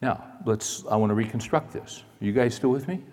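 A man's voice: medium pitch, fairly quick, big-room sound. Man preaching a dramatic sermon. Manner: dramatic, swings between loud emphasis and hushed asides. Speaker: pastor.

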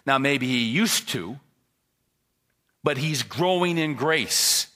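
Male pastor, sermon delivery, lively pitch, punchy emphasis dropping to low asides. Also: slow pace. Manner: animated storyteller, swings from loud emphasis to quiet asides.

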